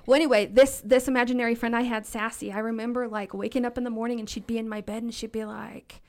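A woman in her thirties tells stories on a podcast mic, animated and laughing. Her voice sits fairly high, and she slips into the voices of her characters as she goes. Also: quick pace. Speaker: podcast guest storyteller. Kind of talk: casual storytelling. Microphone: podcast studio mic.

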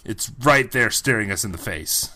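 A man with a bright, lively voice jokes through a podcast quiz. His pitch swings widely as he swears and mocks the host. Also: moderate pace. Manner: animated, profane, mocking. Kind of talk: casual comedy podcast banter.

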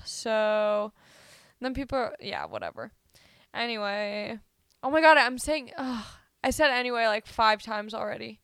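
A woman's voice: on the high side, animated, normal speed, a bit bright, clean tone, dry recording, studio quality. A woman hosting a casual solo podcast, rambling and joking at her own expense while she has a cold. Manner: rambling, self-deprecating, joking. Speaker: podcast host.

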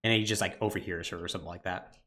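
A man co-hosting a casual podcast, retelling a game's plot in an animated way with lots of "like" fillers. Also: sits low, rapid-fire. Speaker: podcast co-host.

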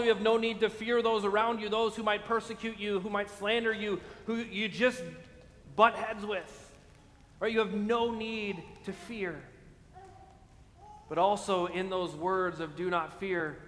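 A man with a high voice preaches to his congregation. He drags out important phrases and keeps asking "right?" His voice carries a long reverb over faint background ambience. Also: fairly bright tone, a little hiss or hum. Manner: emphatic preaching with slow stressed phrases and frequent "right?". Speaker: pastor. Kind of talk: sermon.

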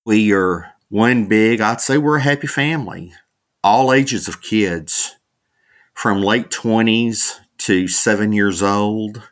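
A man's voice: lowish voice, slow. A middle-aged man, a minister, telling his life story in an interview, laughing often and acting out the voices of people he quotes. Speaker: guest, minister and author.

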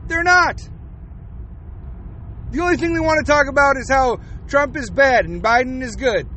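A man's voice: very high-pitched, bright, forceful tone, slight background noise. A man in his forties hosting a podcast, ranting bluntly with plenty of swearing. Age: 40s. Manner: profane, blunt, heated. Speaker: podcast host. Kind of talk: opinionated podcast rant.

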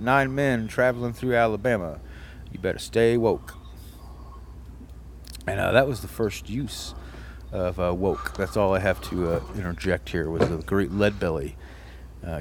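A man doing a halting, deep-voiced impression of a gruff old man who calls himself a blues historian. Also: a little hiss or hum, lightly acted. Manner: halting, full of drawn-out uhs.

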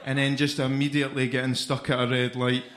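A man's voice: medium pitch, little pitch movement, quick pace. A young Scottish man doing a stand-up comedy set, swearing, mocking himself, and chatting with the crowd. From Scotland. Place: comedy club stage. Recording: echoey club with audience noise.

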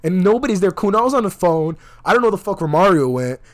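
A man's voice: high voice, fast. A young man telling a wild night-out story in casual chat. He swears constantly and acts out what everyone said. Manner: profane, animated, acts out quotes.

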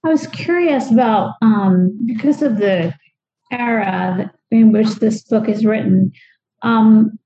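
A woman with a warm, mellow voice poses curious questions to a study group. She speaks tentatively, with frequent pauses and fillers. The recording sounds slightly dull. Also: on the high side. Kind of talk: group discussion.

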